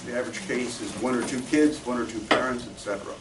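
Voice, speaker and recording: An older man in his seventies lectures to an audience, speaking haltingly and often restarting his sentences. He sits at a mid-range pitch and sounds distant from the mic, in a roomy, echoing space with steady ambient noise. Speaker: guest speaker. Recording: distant, echoey, with room noise.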